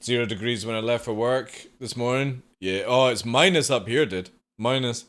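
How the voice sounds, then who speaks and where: A man's voice: medium pitch, normal speed, a bit bright. A man streaming live from home, chatting casually with viewers and swearing now and then.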